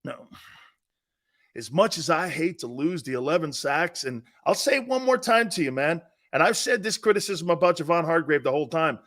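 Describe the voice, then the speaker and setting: A man's voice: fairly high pitch, sing-song, moderate pace, fairly bright tone. A man hosting a sports talk show, blunt and brash, trash-talking callers and hammering his points home with a repeated "Okay?".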